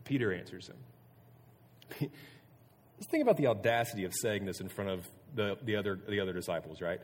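A man's voice: lowish voice, animated, fairly quick, a little mellow. Man preaching in an echoing hall. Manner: earnest, conversational, with frequent restarts and "like". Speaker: youth pastor. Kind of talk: casual youth sermon. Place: room with a student audience. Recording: long reverb of a hall.

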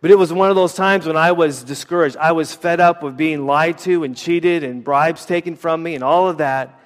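American guy giving a sermon, middle-aged, bit higher voice, lots of ums, reverb from a big hall. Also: moderate pace. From United States. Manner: conversational, many fillers and restarts. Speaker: former missionary preacher. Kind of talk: sermon with personal story.

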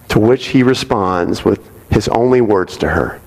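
A man's voice: on the low side, animated, normal speed, vocal fry, few pauses. A man preaching a sermon to a congregation in a conversational way, often checking in with "right?". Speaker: pastor. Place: church sanctuary. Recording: long reverb of a large hall.

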